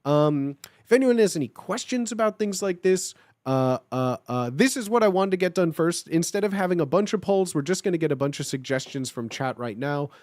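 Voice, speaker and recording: A male livestreamer talking casually to his viewers, his voice sitting a touch higher than most men's. He speaks in a halting, stop-start way, full of filler sounds and restarts. The sound is dry and close on a streaming mic, with no room echo. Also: expressive, a little mellow.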